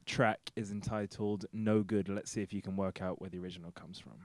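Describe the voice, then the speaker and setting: Laid-back radio host. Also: male voice, low-pitched, level tone, a little fast. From London. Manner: laid-back, jokey, slangy. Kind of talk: casual radio chat. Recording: music playing behind.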